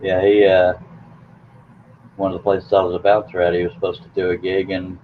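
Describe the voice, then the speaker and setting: A man's voice: sits low, completely flat delivery, brisk. A man hosting a late-night live stream in a casual, rambling way, teasing his guest with jokes. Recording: tinny phone-like line with faint hiss.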